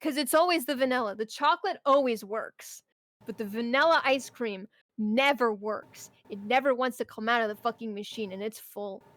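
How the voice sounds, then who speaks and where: A woman's voice: on the high side, moderate pace, a bit bright, no room sound. A young woman streamer chatting casually and ranting about her job, swearing often and breaking into mock outbursts. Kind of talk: casual chat.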